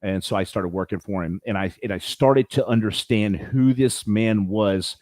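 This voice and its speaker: A man's voice: lowish voice, normal speed, no room sound. Rambling male podcast guest, dry sound. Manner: rambling storyteller, animated, acts out quotes. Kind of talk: casual interview. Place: his home.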